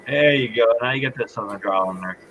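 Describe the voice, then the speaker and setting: A man's voice: mid-range voice, fast talker, narrow, tinny audio. A man co-hosting a casual live stream, teasing the others and laughing at his own stories. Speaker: co-host.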